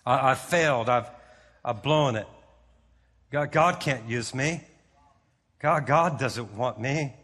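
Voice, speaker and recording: A man voicing a distraught disciple who feels he has failed, speaking in halting, repeated phrases. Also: very high-pitched, expressive, bright, forceful tone, big-room sound, pitched above the performer's own voice, full character voice. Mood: despairing.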